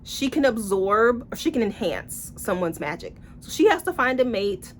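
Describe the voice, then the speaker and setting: A woman's voice: on the high side, moderate pace, a little hiss or hum. A woman reviewing books in a casual vlog, blunt, profane and sarcastic, acting out the characters she quotes. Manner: animated, acts out quoted characters. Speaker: book reviewer.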